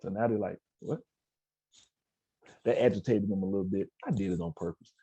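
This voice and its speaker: A man's voice: lowish voice, expressive, a little fast, mellow, husky, dry recording. A man giving a motivational talk to students over a video call, telling a story and acting out the quoted dialogue. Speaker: keynote speaker. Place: indoors at an outdoor education center.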